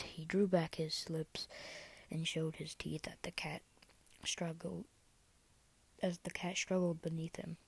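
A woman reading a story aloud in a soft whisper, with small slips and restarts. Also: low voice, flat delivery, slow pace, vocal fry, long pauses, slightly rough, no room sound, poor audio.

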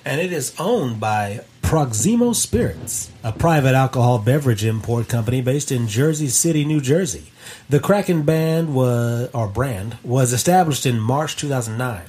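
A man co-hosting a casual movie review podcast, reading facts from his notes in an even-tempered way. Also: medium pitch, slightly rough. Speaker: podcast co-host.

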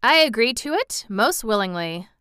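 A shy, ragged wanderer speaks with plain, earnest humility, voiced by a woman reader close to her own voice. Her tone stays bright and exceptionally clear, recorded dry and near the mic. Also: on the high side, very animated, normal speed, no room sound. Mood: eager. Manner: earnest, humble, plain-spoken. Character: shy, humble ragged vagabond man. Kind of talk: audiobook character reading.

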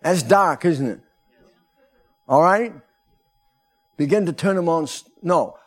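A man preaching a sermon as pastor of a church, rising to shouts. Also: on the high side, expressive, takes it slowly. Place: church sanctuary.

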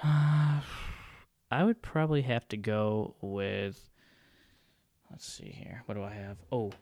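A man co-hosting a podcast, chatting casually and often pausing to search for words. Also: lowish voice, darkish tone, no room sound. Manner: hesitant, searching for words with many fillers. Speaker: podcast co-host. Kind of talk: casual chat.

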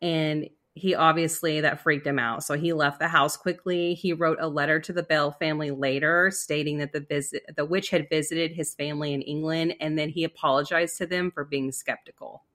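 A woman's voice: low-pitched, fairly even intonation, normal speed, hardly any pauses, a bit bright. A woman casually telling a spooky story on a podcast, rambling with fillers and restarts. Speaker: storyteller co-host.

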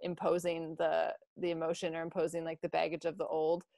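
A woman's voice: low-pitched, completely flat delivery, fairly quick, vocal fry, warm tone, dry recording, studio quality. A young woman guesting on a podcast, talking reflectively with lots of "like" and restarts. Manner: filler-heavy, reflective, many "like"s. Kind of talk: casual chat.

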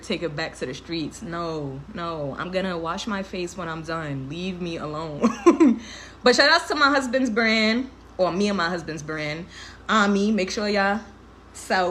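A young woman in her twenties, tearful, hosts a casual livestream, speaking openly and emotionally with frequent laughter and free swearing in heavy slang. Her voice is fairly low and fairly bright, with a little hiss or hum in the recording.

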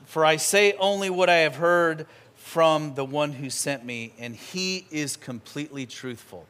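Man, preacher, slightly high voice, lively storytelling, church sermon. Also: unhurried, smooth. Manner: animated, conversational, acts out scenes. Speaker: pastor. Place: church sanctuary.

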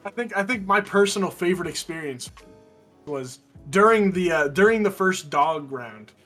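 A man with a high-pitched voice telling rambling, self-deprecating gaming stories in casual chat. He laughs at himself as he talks. Faint background music is heard. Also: animated, moderate pace, sharp tone.

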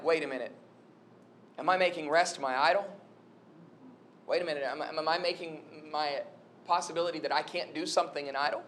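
A man's voice: on the high side, slight background noise. A young adult man giving a conversational, storytelling sermon. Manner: conversational, storytelling, animated retelling. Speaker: preacher.

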